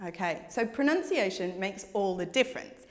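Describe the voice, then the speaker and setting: A woman teaching an English lesson, explaining grammar clearly with examples. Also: medium pitch, lively intonation, moderate pace. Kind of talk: scripted language lesson. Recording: reverberant room.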